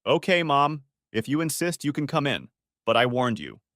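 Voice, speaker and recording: Male narrator doing a panicky young bride, high stammering voice, dry close sound. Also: sing-song, normal speed, a bit bright, no room sound. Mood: nervous. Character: flustered young woman bride, sneaky.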